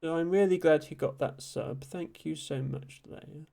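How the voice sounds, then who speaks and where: A young man streaming, reading chat messages aloud and thanking viewers, with frequent ums and soft laughs. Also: on the high side, normal speed, gravelly. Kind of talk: casual live-stream chat.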